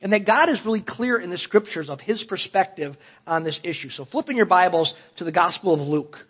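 A man preaching to a congregation, earnest and emphatic, his voice rising high as he questions them. His tone has a husky edge, and the recording sounds dull and lo-fi. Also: animated, a little fast. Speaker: pastor. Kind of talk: sermon with scripture reading. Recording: dull lo-fi audio.

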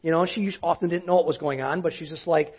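A male pastor preaching in a conversational storytelling way, often dropping to a hushed voice. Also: on the high side, fairly even intonation, quick pace, husky. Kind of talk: sermon storytelling. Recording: dull lo-fi sound.

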